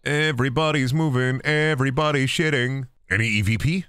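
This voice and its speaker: A young man streams a ghost-hunting game, joking, swearing, and slipping into silly put-on voices as he plays. His medium-pitched voice runs a little fast, with a fairly bright, clean tone. The studio recording is clean, with no echo.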